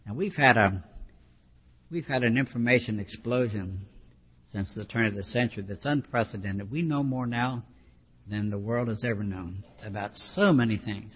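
A husky, somewhat bright voice of fairly low pitch belongs to a man preaching at a moderate pace. He walks through scripture in a relaxed teaching manner with plenty of asides, on a dull lo-fi recording with long hall reverb.

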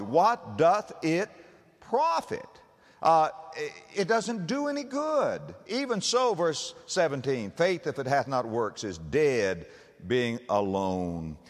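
A man preaching a sermon as pastor, reading scripture aloud with dramatic, rising emphasis in a large church sanctuary. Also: on the high side. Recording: long reverb of a large church.

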